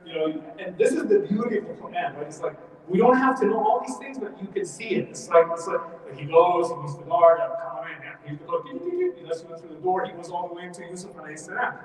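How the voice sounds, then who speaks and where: A man teaching a Quran study class, telling the story in a lively way and acting out what the people in it say. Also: high voice, fast, few pauses. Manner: animated storytelling, acts out quoted speech. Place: mosque hall. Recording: echoey hall from far off.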